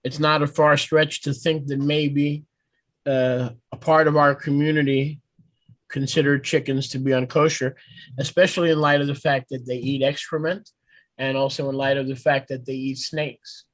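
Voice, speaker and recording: A man's voice: medium pitch, flat delivery, normal speed, no room sound. A man leading a congregation meeting, joking and teasing the others in playful banter. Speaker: congregation leader.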